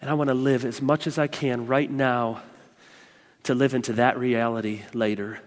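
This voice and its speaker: A man's voice: mid-range voice, flat delivery, normal speed. A man in his thirties preaching a sermon as a pastor, passionate and emphatic with frequent repetition. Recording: long reverb from a large room.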